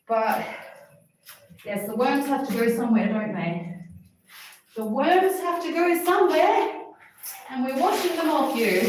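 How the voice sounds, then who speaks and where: A woman's voice: fairly high pitch, distant mic, background noise. Breathless woman fussing over cats. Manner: fussing and coaxing pets, exasperated. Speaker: vlogger washing her cats. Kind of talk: casual livestream chatter. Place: small bathroom. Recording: very echoey bathroom, off-mic.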